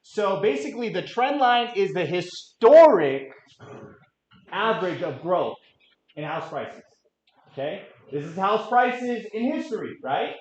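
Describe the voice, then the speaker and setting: A man in his late thirties presenting a real estate market update to a room, energetic and quizzing the audience. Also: high voice, a little slow. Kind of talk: interactive office presentation. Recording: echoey room, dull lo-fi sound.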